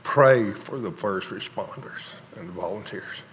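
A man, a pastor speaking haltingly and emotionally to his congregation, often pausing and sighing. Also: lowish voice, fairly bright tone, slight background noise. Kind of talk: emotional sermon announcements. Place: large church sanctuary. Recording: long hall reverb.

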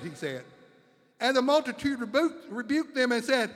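A man delivers a fervent sermon, circling back on his phrases and building emphasis. His voice sits high for a man. It rings out with a long, trailing reverb. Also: expressive, unhurried, a bit bright. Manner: fervent, repetitive, rising emphasis. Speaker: preacher.

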